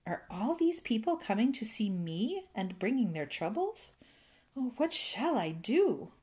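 A woman's voice: on the high side, sing-song, measured pace, dark tone, husky, heavily acted. A woman voicing a kind but nervous ancient male fairy in a storybook, with fussy, fretful exclamations. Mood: flustered. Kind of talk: storybook character voice.

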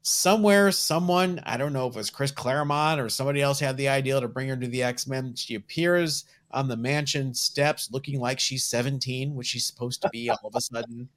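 A man's voice: mid-range voice, a little fast, hardly any pauses, a bit bright. A man co-hosting a comic book show, chatting casually with wry, joking asides. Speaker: comic book podcast co-host. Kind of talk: casual chat.

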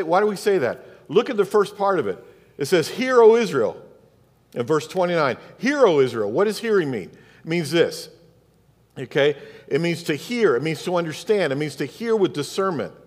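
Southern male pastor, emphatic repeating sermon style, slightly high-pitched, recorded in an echoing sanctuary. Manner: preaching with rhetorical questions and emphatic repetition. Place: church sanctuary. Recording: long reverb of a church hall.

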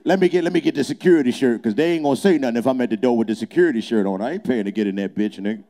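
Man, comedian, rowdy teasing roast, profane banter, warm relaxed tone, small nightclub. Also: medium pitch, racing.

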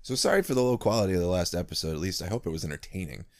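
A man's voice: sits low, expressive, very fast. A man hosting a podcast, chatting casually and swearing freely as he vents. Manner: profane, ranting. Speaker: podcast host. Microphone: home podcast mic.

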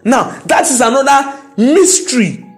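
A man preaching a sermon, emphatic and building to loud declarations. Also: very high voice, lively intonation, unhurried, faint music behind.

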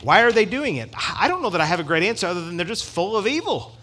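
A man's voice: high voice, sing-song, fast talker, bright, forceful tone. A middle-aged man preaching a sermon in an emphatic, conversational way, with asides to the congregation. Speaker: pastor.

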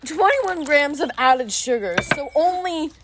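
A woman's voice: high-pitched, expressive, a little slow. A young woman leading a casual snack taste test in her backyard, easygoing and giggly. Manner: easygoing, leads the tasting, giggles. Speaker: co-host. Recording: outdoor noise, birds. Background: birds and wrapper crinkling.

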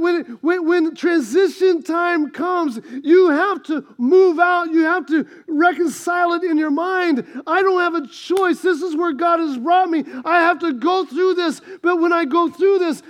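Brief: high-voiced male preacher, impassioned storytelling sermon. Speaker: pastor.

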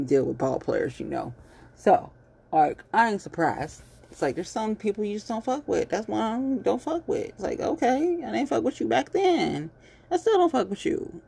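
Woman, low husky voice, lively swings in pitch; blunt commentator who swears freely, casual monologue.

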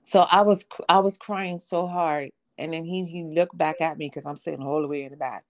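Low raspy-sounding woman telling her testimony on a podcast, doing everyone's voices as she goes. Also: steady tone, brisk. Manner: storytelling, acts out quoted voices. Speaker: podcast guest. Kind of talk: personal testimony in conversation.

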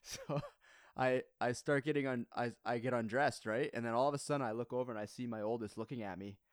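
A man's voice: mid-range voice, a little fast, smooth, no echo, studio quality. A man in his thirties, a podcast co-host, telling a family story in casual chat and laughing often.

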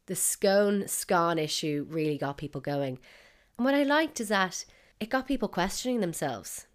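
A woman's voice: on the low side, expressive, normal speed. A woman with an Irish accent hosting a comedic podcast from her bedroom, wry and mock-indignant. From Ireland. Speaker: podcast host. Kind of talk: scripted comedic podcast monologue. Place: bedroom at home.

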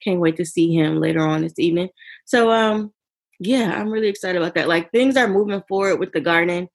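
A woman's voice: on the low side, brisk. A woman chats casually as a podcast co-host. She talks in an upbeat, rambling way, full of fillers and asides. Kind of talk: casual chat.

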